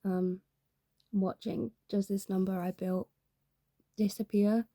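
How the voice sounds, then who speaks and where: A woman's voice: medium pitch, little pitch movement, takes it slowly, warm tone, no room sound, studio quality. A young woman talking in a rambling, candid way, full of fillers, in a casual confessional vlog. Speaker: YouTuber.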